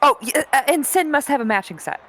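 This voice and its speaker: A woman's voice: sits high, lively intonation, quick pace, a bit bright. A woman playing a tabletop role-playing game, describing her character's actions in a giggly, playful way.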